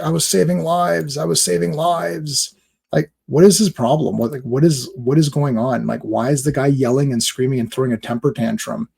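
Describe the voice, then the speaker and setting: A man's voice: medium pitch, gravelly, darkish tone. A man giving casual reaction commentary on a movie trailer, rambling and exasperated with lots of fillers.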